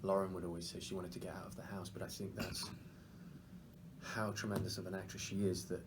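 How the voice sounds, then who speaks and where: A man's voice: low voice, little pitch movement, brisk, noisy background. A man with an English accent, an actor chatting animatedly in a press interview and laughing often. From England. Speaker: actor guest.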